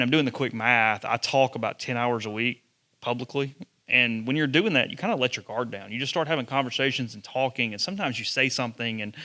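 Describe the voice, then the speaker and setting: A man, a sports journalist telling lively stories to students. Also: mid-range voice. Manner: animated storyteller, acts out quotes. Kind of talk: storytelling talk to students.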